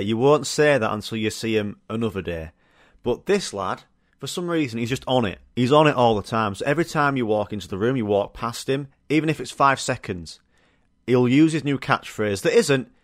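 A man's voice: mid-range voice, a bit bright, no room sound, studio quality. A young man hosting a solo podcast, chatting casually and swearing through rambling stories. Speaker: podcast host.

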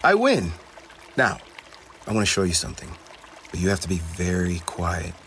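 A man voicing a small, gentle, cheerful goblin boy in a storybook. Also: sits low, steady tone, moderate pace, a little hiss or hum. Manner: soft, friendly.

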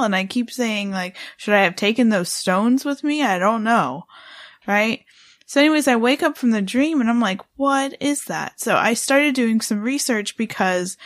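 A woman's voice: mid-range voice, fairly bright tone, no echo, clean studio sound. A woman co-hosting a podcast, telling a story in a rambling, casual way with lots of fillers and restarts. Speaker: podcast co-host.

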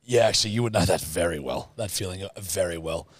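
A man's voice: low voice, fast talker, no echo. A young Australian man co-hosting a podcast, telling stories with a laugh and plenty of swearing. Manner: laughing storyteller, swears freely. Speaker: podcast co-host. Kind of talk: casual chat.

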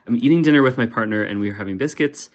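A man's voice: mid-range voice, racing, muffled recording. A man from Canada, calling in to a podcast with a casual, curious, slightly nervous message. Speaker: caller. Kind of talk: recorded phone-in message.

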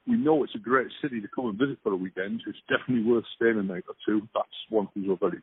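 A man's voice: lowish voice, fast talker, breathy edge, dry recording. A man with a Geordie accent from Newcastle, a football fan chatting wryly as a guest in a phone interview. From Newcastle, England. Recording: tinny phone line.

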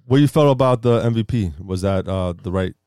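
A man co-hosts a casual sports talk show, trading laid-back, joking banter. His tone is mellow and warm. The sound is close and dry. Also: lowish voice, a little fast, smooth, dry recording. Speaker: podcast co-host.

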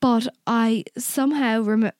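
A woman's voice: fairly high pitch, fairly even intonation, slow pace, a little mellow, clear, resonant tone, no echo, studio quality. Candid young woman telling a story. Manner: candid, swears freely, acts out quoted exchanges. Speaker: podcast co-host. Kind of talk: casual chat, personal storytelling.

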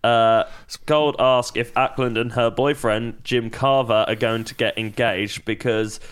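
A man's voice: medium pitch, steady tone, measured pace, a bit bright, clear, resonant tone. A man on a podcast, wryly recapping a TV episode with chuckling asides. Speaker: podcast co-host.

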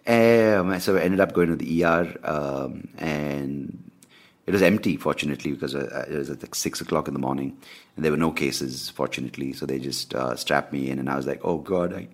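A man hosting a podcast, telling a personal story in a candid, animated way with plenty of swearing. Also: rumbling low, brisk. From India. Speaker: podcast host. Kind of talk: casual ranting monologue.

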